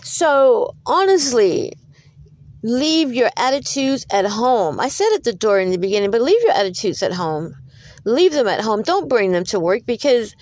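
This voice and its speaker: A woman with a higher voice delivers a solo podcast monologue straight into a close mic. She talks in a preachy, animated way, full of fillers and restarts. The sound is dry, with no room around it. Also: dry recording. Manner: preachy, animated storytelling with frequent fillers and repeats. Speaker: podcast host.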